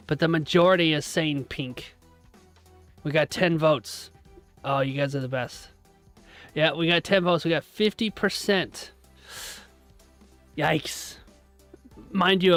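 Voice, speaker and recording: A fairly high-voiced man hosts a live stream in a loose, joking tone, chatting with viewers and thanking them as he goes. Faint music runs in the background. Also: measured pace, long pauses, fairly bright tone. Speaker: live-stream trading host. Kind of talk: casual live-stream chat.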